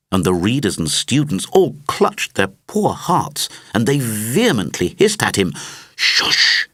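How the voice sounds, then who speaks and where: Lively man reading a rhyming story. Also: fairly low pitch, no room sound, studio quality. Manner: rhythmic rhyming delivery with expressive voice shifts. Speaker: narrator.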